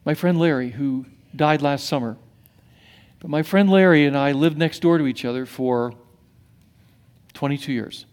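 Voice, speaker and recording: Middle-aged pastor, man, slightly high voice, animated sermon delivery, quiet to loud. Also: normal speed, long pauses. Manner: animated preaching that swings from hushed to emphatic, with many restarts.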